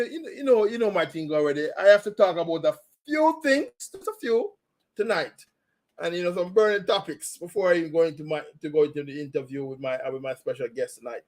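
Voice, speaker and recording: A man hosting a casual commentary show, rambling and opinionated with lots of fillers. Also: on the high side. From Jamaica. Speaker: host.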